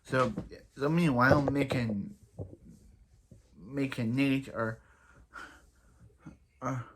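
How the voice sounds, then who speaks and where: A man's voice: mid-range voice, steady tone, extremely slow, fairly bright tone, slight background noise. A young man giving a casual, rambling recap of a TV episode, often stumbling and restarting his sentences. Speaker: show reviewer.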